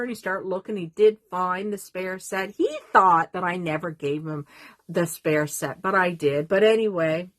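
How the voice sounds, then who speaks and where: A woman's voice: lowish voice, moderate pace, no room sound. Rambling older woman vlogging at home. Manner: rambling, emotional, easily sidetracked. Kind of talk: casual talk to camera. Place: small doll room at home.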